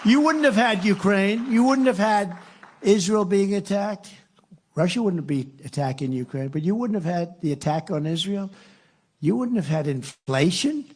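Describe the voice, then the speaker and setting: A man with a gravelly, slightly raised voice working through a campaign rally speech. He rambles and circles back on the same phrases. He drops sarcastic asides as he goes. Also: a little high, a little mellow. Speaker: political candidate. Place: live rally.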